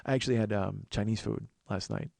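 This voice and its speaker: A man's voice: on the low side, fairly even intonation, brisk, creaky, darkish tone, no room sound. A man in his forties hosting a podcast, telling stories in a rambling comedic monologue. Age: 40s. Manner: rambling storytelling with restarts. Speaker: podcast host.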